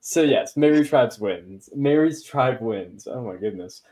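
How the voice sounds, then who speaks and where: A man's voice: medium pitch, lively intonation, a little slow, darkish tone. A man hosting a podcast in casual chat, rambling with many fillers and throwaway asides. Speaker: podcast host.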